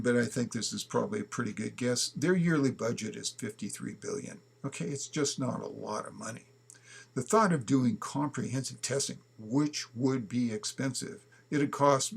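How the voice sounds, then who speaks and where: A man's voice: mid-range voice, creaky, husky. A man giving an emphatic opinion talk, often checking in with "okay?" as he argues. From United States. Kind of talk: opinion commentary to camera.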